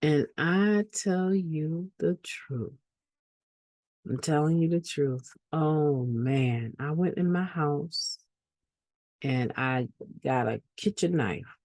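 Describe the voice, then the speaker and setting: A woman's voice: extremely low pitch, darkish tone, no room sound. A woman giving an earnest personal testimony at a recovery meeting, repeating phrases for emphasis.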